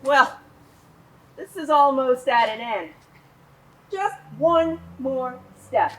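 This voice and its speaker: An actress in a stage play playing a cold, scheming, power-hungry mother who speaks in a slow, commanding, controlled way. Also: high voice, low-quality recording. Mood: bitter, menacing. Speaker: stage actor.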